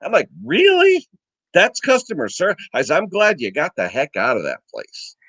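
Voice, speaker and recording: A man's voice: mid-range voice, brisk, husky, no echo. A middle-aged man swaps stories on a live stream chat, and his voice leaps up and down as he acts out the people in them. The sound is dry and close, with no room around it. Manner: animated storyteller, acts out quotes. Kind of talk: casual chat.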